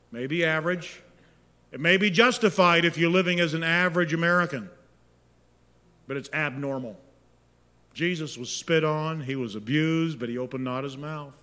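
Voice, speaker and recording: A man preaching a sermon as pastor, moving between hushed, intimate prayer and loud, impassioned exhortation. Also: on the high side. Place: church sanctuary. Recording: long reverb of a large hall.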